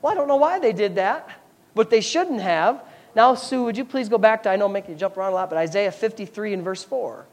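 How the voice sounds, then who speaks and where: A man's voice: high-pitched, lively intonation, quick pace. Pastor, male, fervent sermon delivery with conversational asides while teaching scripture. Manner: fervent preaching with scripture reading; explanatory, chatty asides.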